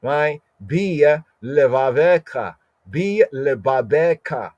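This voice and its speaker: A man teaching scripture in a podcast, explaining Hebrew words slowly and asking "right?" again and again. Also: mid-range voice, darkish tone, no room sound, lo-fi sound. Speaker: Bible teacher.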